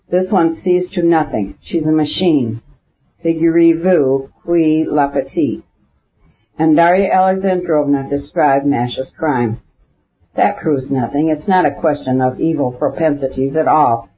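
A man narrating a classic novel aloud in a measured, even reading voice, saying the French phrases as well. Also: fairly high pitch. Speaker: audiobook narrator. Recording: phone-like narrow band.

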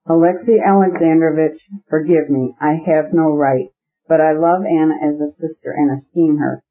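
A man reading the part of an anxious woman who pleads earnestly for her friend. The reader keeps his own fairly high male voice for her. The recording sounds dull and lo-fi. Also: steady tone, moderate pace. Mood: pleading. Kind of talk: audiobook character reading.

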